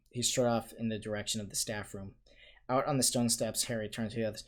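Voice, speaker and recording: A man's voice: lowish voice, fast talker. A man doing a comedic read-aloud of a novel, stumbling and correcting himself as he goes. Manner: stumbling over words, lively. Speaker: comedian reading a book aloud.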